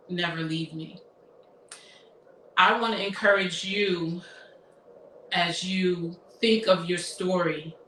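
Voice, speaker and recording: A woman in her fifties shares a personal story in an emotional, reflective voice, often halting and restarting. Her tone is bright and forward. She sounds a little far from the mic in an echoey room, with a faint hiss behind her. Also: lowish voice. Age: 50s. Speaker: therapist. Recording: roomy echo, somewhat far from mic, faint noise.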